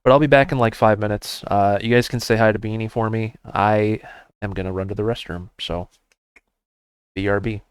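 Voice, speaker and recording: Brief: laid-back male streamer, clear dry close voice, casual chat. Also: lowish voice, fairly even intonation, normal speed, dry recording. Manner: easygoing, encouraging. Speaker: game streamer.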